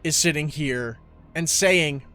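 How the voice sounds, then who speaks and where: A man's voice: a little high, takes it slowly, sharp tone, soft background music. A man co-hosting a casual movie review podcast, ranting with lots of profanity and exasperation. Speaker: podcast co-host.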